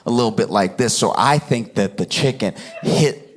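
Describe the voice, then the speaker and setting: A man's voice: mid-range voice, moderate pace. A stand-up comedian telling a story on stage, acting out voices and laughing as he talks. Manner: animated, acts out voices, laughs through lines.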